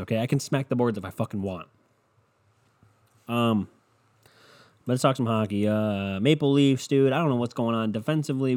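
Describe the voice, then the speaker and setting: Medium-pitched with a darkish tone, this young solo podcast host goes on a casual, unscripted rant. He rambles, swears, and gets worked up.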